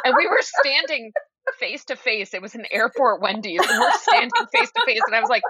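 A woman's voice: on the high side, very animated, brisk, bright, forceful tone, breathy edge, dry recording. Laughing woman guest, muffled mic. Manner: laughing, emphatic storytelling. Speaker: podcast guest. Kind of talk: casual chat.

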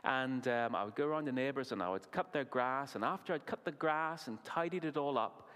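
A man preaching at a family service, asking the children questions and praising their answers in an animated way. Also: medium pitch, brisk, smooth. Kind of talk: children's talk in a sermon. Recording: long reverb of a large hall.

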